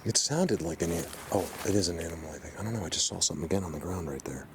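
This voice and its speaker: Man, low voice, rambling, excitable, outdoor camera audio, noisy woods, birds. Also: rapid-fire. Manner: excitable, rambling, addresses viewers as you guys. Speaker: Bigfoot hunter vlogger. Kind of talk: excited handheld outdoor vlog. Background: birds and outdoor ambience.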